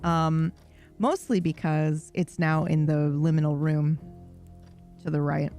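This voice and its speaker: Woman, livestream chat, low voice, gravelly fry, rambling, profane, faint music behind. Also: steady tone, slow pace, dark tone. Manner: rambling, profane, self-deprecating. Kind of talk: casual chat.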